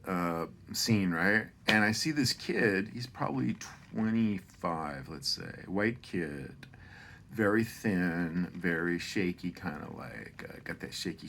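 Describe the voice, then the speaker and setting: A man's voice: sits low, a bit bright, a little hiss or hum. A middle-aged man telling a holiday story in a rambling, profane, self-deprecating way, often drifting off on tangents.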